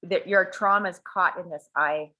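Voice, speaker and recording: A woman talking in a blunt, animated way, swearing freely as she leads a small group. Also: on the low side, moderate pace. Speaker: coach and workshop leader. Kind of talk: casual talk to a small group.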